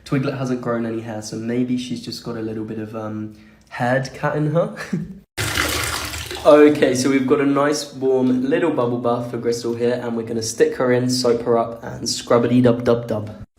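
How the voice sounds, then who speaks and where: A man talking in a casual, excitable vlog style, filming himself on a phone at home and out at a farm. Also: normal speed, background noise. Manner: chatty and excitable, coos high at animals. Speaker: vlogger.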